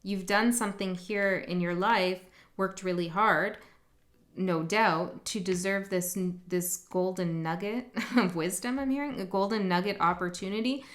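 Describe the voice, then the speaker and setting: A chatty woman reading tarot cards straight to her audience in an easy, casual way. Her voice sits at an ordinary middle pitch, and her talk is upbeat, with frequent laughs slipping into her sentences. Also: measured pace. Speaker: tarot reader.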